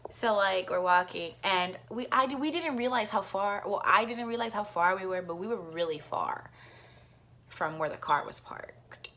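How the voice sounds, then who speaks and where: A woman's voice: medium pitch, unhurried, pushed and bright, a little hiss or hum. Young woman, casual storytime vlogger; chatty, lots of swearing, acts out other people's lines. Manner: chatty, swears a lot, acts out voices in quotes.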